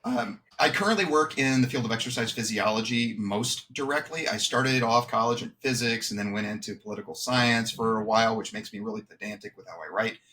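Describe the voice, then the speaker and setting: A man's voice: lowish voice, fairly quick, hardly any pauses, pushed and bright, a little hiss or hum. A man in his thirties, a podcast guest, talking casually and self-deprecatingly with lots of fillers over a video call. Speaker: podcast guest, exercise physiology researcher. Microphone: webcam setup, video call.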